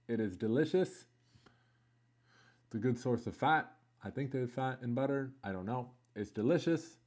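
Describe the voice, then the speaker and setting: A man chatting casually in his home kitchen while he cooks, joking and rambling with mock confidence and poking fun at himself. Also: medium pitch. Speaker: home cook vlogger. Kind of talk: casual cooking vlog.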